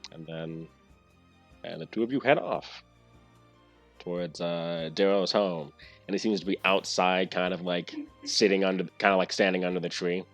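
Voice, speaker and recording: Low-voiced male game master. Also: steady tone, moderate pace, fairly bright tone, soft background music. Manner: rambling, filler-heavy narration. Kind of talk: narrating a tabletop game.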